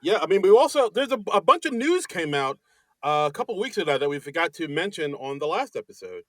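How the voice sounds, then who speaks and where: A man from New Jersey co-hosting a casual comedy podcast, chatty and laughing often, halting on his words. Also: fairly high pitch, sing-song, fairly bright tone, dry recording. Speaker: podcast co-host.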